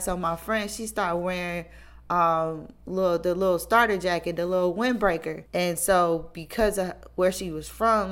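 Chatty woman telling a story. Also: on the low side. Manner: animated, acts out friends' lines in quotes. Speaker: podcast host. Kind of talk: casual storytelling.

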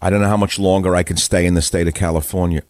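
A man's voice: low voice, little pitch movement, quick pace, darkish tone, no room sound, studio quality. An older man hosting political talk radio, ranting angrily about taxes and politicians. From United States. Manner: angry ranting. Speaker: radio host.

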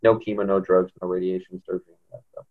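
A man guest on a podcast telling a personal story in an animated way, often jumping into higher voices when he quotes people. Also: racing. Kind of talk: storytelling in an interview. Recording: dull lo-fi audio.

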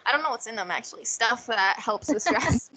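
A young woman chatting casually on a podcast, animated and full of fillers. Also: on the high side, fairly quick, heavy background noise. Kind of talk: casual chat.

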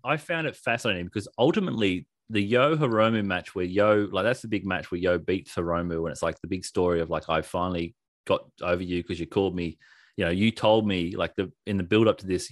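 A man co-hosting a casual wrestling podcast, talking in an animated, sarcastic way and laughing often. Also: low voice, fairly quick, no room sound, studio quality. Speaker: podcast co-host.

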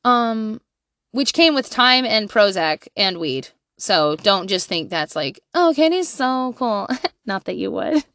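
A mother in her thirties talks slowly in a mid-range voice, giving frank, profane parenting advice in a candid monologue. She laughs often and moves from quiet asides to loud bursts, with no room sound.

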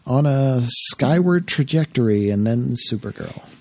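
A man's voice: medium pitch, lively intonation, measured pace, no room sound. A man hosting a gaming podcast, chatting casually and reading out news items with frequent laughs. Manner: upbeat, reads news items, laughs often. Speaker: podcast host. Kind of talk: casual chat.

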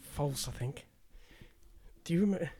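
Young man, casual co-host, high and animated, joking exasperation. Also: moderate pace, breathy edge. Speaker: co-host playing a game. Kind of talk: casual chat.

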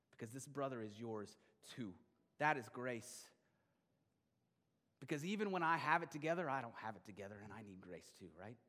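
A middle-aged male pastor delivering a sermon, swinging between loud emphatic bursts and quiet, intimate stretches. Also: a little high. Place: church sanctuary. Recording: long hall reverb.

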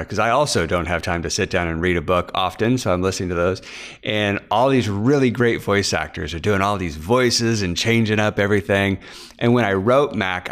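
A man from Kansas hosts his podcast, chatting casually about his writing. His voice sits a little low and sounds smooth and clear. He rambles, with frequent fillers and false starts. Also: fairly bright tone. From Kansas, USA. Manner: rambling, many fillers and restarts. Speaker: author and podcast host. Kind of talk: casual behind-the-scenes chat.

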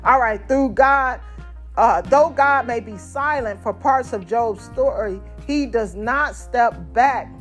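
A woman's voice: on the high side, slow pace, soft background music. A woman preaching a sermon in a conversational, folksy way, addressing the congregation directly.

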